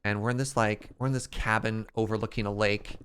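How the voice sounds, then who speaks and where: A man streaming a game, chatting casually and telling stories in an animated way to his chat. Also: lowish voice, a little fast, a little hiss or hum. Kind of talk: casual storytelling while playing.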